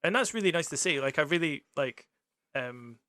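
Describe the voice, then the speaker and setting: A man's voice: a little high, animated, normal speed, pushed and bright, dry recording. A man from England hosting a casual podcast interview, swearing freely and laughing often. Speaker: podcast host.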